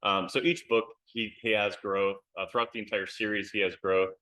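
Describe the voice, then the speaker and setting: American guy, lowish bright voice, chatty and candid, lots of ums, video call interview. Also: flat delivery, moderate pace, rough recording. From United States. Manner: candid, lots of fillers and repeated words. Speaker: author, interview guest. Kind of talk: casual interview chat.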